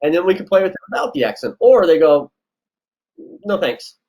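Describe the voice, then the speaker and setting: A man who works as a casting director, giving relaxed, chatty advice in an interview and acting out little exchanges. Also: sits high, fast, dull audio. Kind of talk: casual interview answers.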